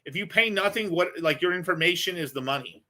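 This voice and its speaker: A man's voice: high voice, fast, sharp tone. A male host answering viewer questions in a casual livestream, rambling, blunt and full of profanity.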